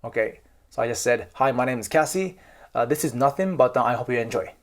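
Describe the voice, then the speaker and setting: A man's voice: mid-range voice, lively intonation, fairly quick. A man with a Japanese accent, giving casual advice to camera, chatty and emphatic, often checking in with "right?" and "okay?". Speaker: YouTube host and cultural coach.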